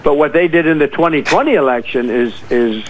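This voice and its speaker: A man's voice: on the high side, fairly quick, rough recording. Insistent older man in a TV interview. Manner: insistent, repetitive. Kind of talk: TV interview answers.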